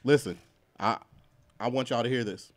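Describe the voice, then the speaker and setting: A man hosting a radio show in casual chat, loose and joking and quick to laugh. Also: mid-range voice.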